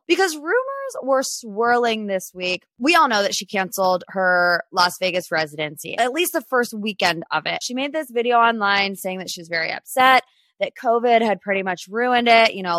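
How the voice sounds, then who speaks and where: A woman's voice: a little high, no echo. Chatty young woman podcast host. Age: 20s. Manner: chatty, opinionated, animated. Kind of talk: casual pop culture chat.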